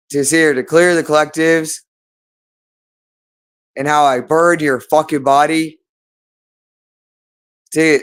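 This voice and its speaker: A man's voice: on the high side, fairly bright tone, clear, resonant tone. A man delivering an agitated, rambling monologue, repeating himself and swearing often. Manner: agitated, repetitive, profane.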